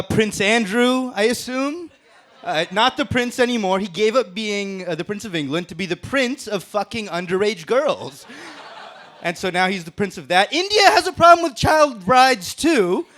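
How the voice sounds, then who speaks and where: A man's voice: high-pitched, a bit bright. A man doing a brash, profane stand-up roast set on a comedy club stage, laughing at his own jokes. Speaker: stand-up comic in a roast battle.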